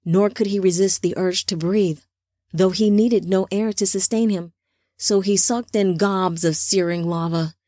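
A woman narrating an audiobook in a steady, measured storytelling voice. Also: medium pitch, no echo, clean studio sound. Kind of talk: scripted narration.

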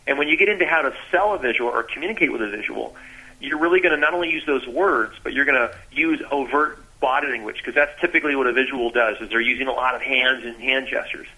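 A man's voice: mid-range voice, quick pace, poor audio. A man, a sales trainer, explaining with energy as a radio guest and acting out bits of sales talk. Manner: animated, acts out sales dialogues.

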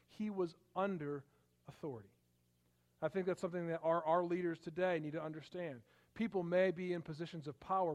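A man's voice: high voice, darkish tone. A middle-aged man preaching a sermon in a conversational way, rising in volume to stress a point and often restarting his sentences. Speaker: pastor.

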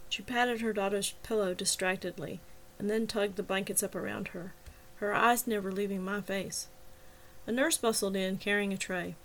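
A woman's voice: mid-range voice, moderate pace. A woman reading a serialized mystery story aloud as narrator and host, lifting her voice slightly for the characters. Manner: reads dialogue with lightly lifted voices for characters. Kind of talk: scripted audiobook narration.

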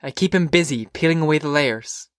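A man voicing a curious, whimsical teenage girl in an audiobook, with lilting, eager questions that come in quick bursts. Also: on the high side, no echo, clean studio sound, close to an everyday voice. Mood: wondering. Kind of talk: audiobook character voice.

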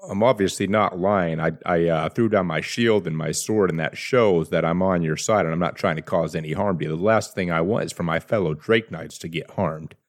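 A man's voice: sits low, brisk, few pauses. A man, a player in a tabletop game, speaking in character with exaggerated pleading.

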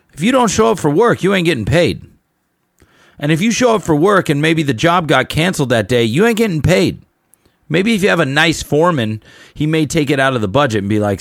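A middle-aged man from Southern California talks in a rambling, blunt monologue, drifting between side stories before getting worked up and preachy. His voice sits at an ordinary middle pitch and sounds close and dry, with almost no room around it. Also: no echo. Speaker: podcast host and musician. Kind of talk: casual monologue storytelling.

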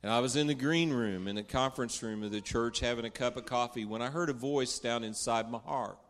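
A man's voice: mid-range voice, fairly bright tone. An older man giving a heartfelt testimony in church, telling the story with earnest storytelling. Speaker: preacher. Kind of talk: testimony from the pulpit. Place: church stage.

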